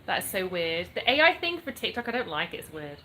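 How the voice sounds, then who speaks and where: A woman's voice: fairly low pitch, big pitch swings, a little fast, bright, forceful tone, slight background noise, rough recording. A woman in her thirties with a mixed English accent, chatting casually as she reads viewer questions aloud and answers them frankly. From born in the US, raised in England. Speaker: content creator answering viewer comments. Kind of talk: casual live chat reading comments aloud. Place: home in North Florida.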